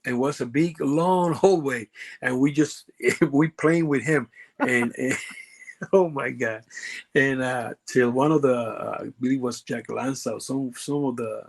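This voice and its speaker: Puerto Rican man telling halting stories. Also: mid-range voice, gravelly. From Puerto Rico. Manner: halting, lots of fillers and restarts, broken grammar. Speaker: guest, former pro wrestler. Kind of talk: casual storytelling interview.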